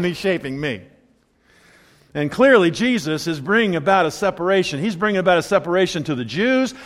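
Male pastor, sermon; conversational, wry, slightly higher voice, reverberant church hall. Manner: conversational, wry, animated asides.

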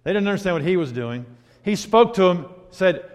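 A man's voice: high-pitched, animated, normal speed. Man preaching in a reverberant hall. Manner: swings from hushed to loud emphatic. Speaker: pastor. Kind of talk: sermon.

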